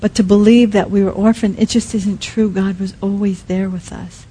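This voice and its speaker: A woman preaching with a mellow, warm tone and a slightly husky edge. She speaks softly and haltingly, with restarts and fillers, and often sinks to a near-hush. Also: mid-range voice, fairly even intonation, poor audio. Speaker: speaker at a Christian teaching. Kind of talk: sermon.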